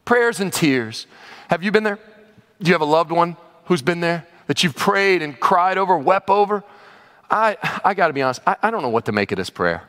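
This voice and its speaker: A middle-aged male pastor preaching a sermon to a church congregation, swinging between excited high asides and low, emphatic points. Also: moderate pace. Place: church sanctuary, also streamed online.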